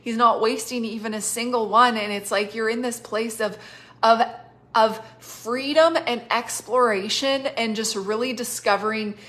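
Speaking a little slowly in a fairly high, slightly bright voice, a prophetic minister shares unplanned messages with people on a live stream. Coughing and dosed with cough syrup, she stays chatty and effusive, laughing and saying "like" often.

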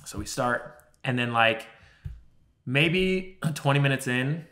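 A man co-hosting a podcast, telling a long story in a rambling, animated way with lots of swearing and filler words. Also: mid-range voice, takes it slowly. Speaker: podcast co-host. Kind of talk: casual storytelling chat.

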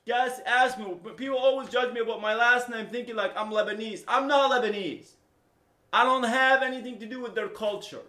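A middle-aged man, a native Arabic speaker from the Middle East who owns a software company, ranting to camera with passion, repeating himself and swinging between loud and low. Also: steady tone, fairly quick, echoey room. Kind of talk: unscripted rant to camera.

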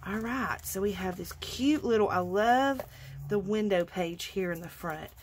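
With a medium-pitched voice and a slightly slow pace, a woman from Georgia shows off crafts in a casual vlog, brimming with enthusiasm and at times nearly whispering. A faint hiss or hum is audible.

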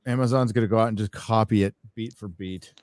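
A man chatting casually as a guest, making quick, animated asides. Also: fairly low pitch, no echo, clean studio sound. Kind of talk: casual chat.

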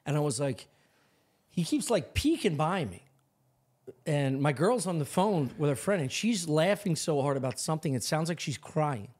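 A young adult man with a somewhat high voice tells a comic story on a podcast. He is animated and profane, jumping into quoted voices as he goes, with plenty of swearing in the mix. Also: normal speed. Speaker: podcast co-host. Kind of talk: comedic storytelling.

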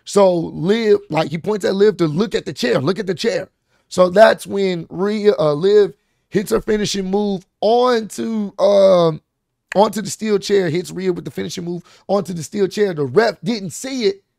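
Guy hyped up going over a wrestling show, gravelly voice, dry room, lots of ums and restarts. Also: sits high, measured pace, no echo. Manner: excited, rambling with fillers and restarts. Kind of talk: casual recap commentary.

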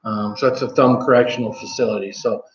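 Talking fast in a low, fairly even voice, the Michigan streamer rambles through casual chat from home, with many ums and self-corrections. Background noise accompanies the roomy, slightly dull home audio.

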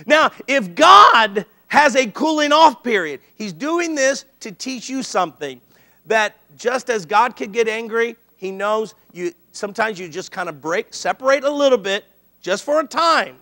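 Speaking a little slowly in a very high voice, a middle-aged man preaches as a pastor, bringing his stories to life by voicing the people he quotes.

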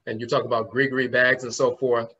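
A man's voice: mid-range voice, little pitch movement, brisk, pushed and bright, husky. A man giving a conference lecture, explaining word roots and spelling terms out letter by letter, often trailing off with "and so forth". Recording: slightly muffled lo-fi recording.

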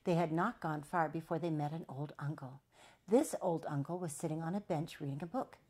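A woman storyteller reading a children's picture book aloud in an expressive, sing-song way. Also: deep voice, fairly quick, husky.

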